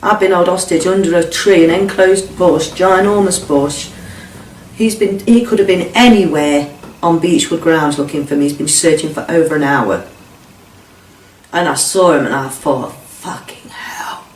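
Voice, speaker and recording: Man, middle-aged, interviewee, blunt and sweary, halting, roomy echo, distant mic. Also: a little high, a little hiss or hum. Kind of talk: personal testimony.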